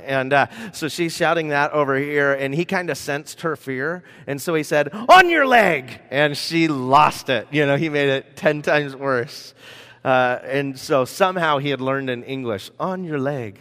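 A man's voice: medium pitch, fairly bright tone. A man from the United States giving a sermon, telling rambling personal stories with lots of fillers and asides. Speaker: pastor. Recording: reverberant hall.

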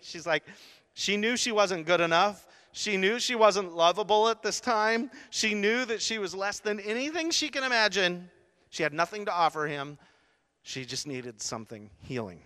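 A male pastor with a high, bright, forceful voice delivers an animated sermon. He acts out the scene, jumping from sudden shouts to hushed asides. His voice rings with the long reverb of a large hall.

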